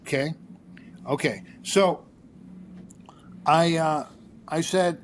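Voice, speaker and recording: A man's voice: fairly high pitch, unhurried, pauses often. An older man, a therapist guest, telling a story in an interview and acting out the dialogue with energy. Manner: animated storyteller, acts out dialogue.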